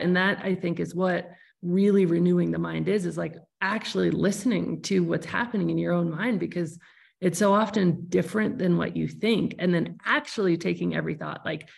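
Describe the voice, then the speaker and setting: A woman's voice: fairly low pitch, gravelly. A woman hosting a podcast interview, talking in a thoughtful, searching way with frequent restarts. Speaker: podcast host. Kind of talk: reflective conversational interview.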